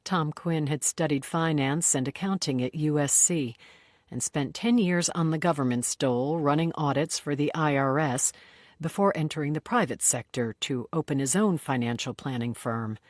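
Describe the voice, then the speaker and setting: A narrator reading a crime novel aloud in an even, measured storytelling voice. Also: medium pitch, no echo, clean studio sound. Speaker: audiobook narrator. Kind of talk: scripted narration.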